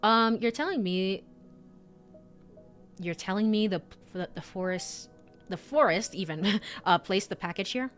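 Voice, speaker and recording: A woman's voice: mid-range voice, animated, a little slow, long pauses, soft background music. Bubbly giggling young woman streamer. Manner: bubbly, giggly, gushes over cute things. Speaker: streamer playing a game. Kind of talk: casual let's-play commentary.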